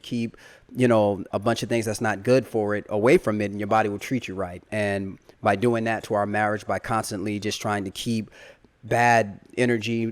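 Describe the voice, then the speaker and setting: A man in his thirties co-hosts a casual podcast chat, his low voice soft and halting, full of fillers and restarts. The sound is dry and close, with no room around it. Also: no room sound. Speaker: podcast co-host.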